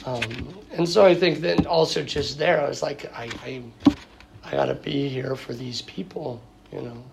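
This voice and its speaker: A male priest speaks in an interview in a gravelly, creaky voice, stopping and restarting his sentences often. The recording carries a clear layer of background noise. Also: mid-range voice, steady tone. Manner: halting, many fillers and restarts. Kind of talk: interview conversation.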